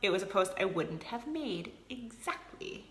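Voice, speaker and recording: A woman's voice: mid-range voice, expressive, normal speed, roomy sound, slight background noise. A woman leading a sales team, chatting casually and energetically in a motivational live video, answering viewers by name. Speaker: team leader of a direct sales group.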